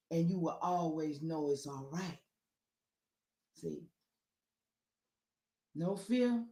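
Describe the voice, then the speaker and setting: A woman speaks, preaching in a folksy, heartfelt way and repeating lines for emphasis. She talks slowly and takes her time. Her voice carries some echo from the room. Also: on the low side, dark tone. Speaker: speaker at an online symposium. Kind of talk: casual heartfelt address to listeners.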